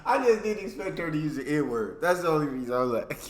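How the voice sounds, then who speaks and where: A man hosting a reaction video, talking in a casual, animated way and often laughing and repeating himself. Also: a little high, fast, echoey room, background noise. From United States.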